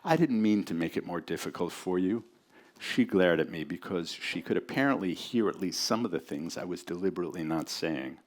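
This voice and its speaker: A man introducing a friend and then reading his story aloud to a live audience, in a relaxed, conversational and dry way. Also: deep voice, a little fast.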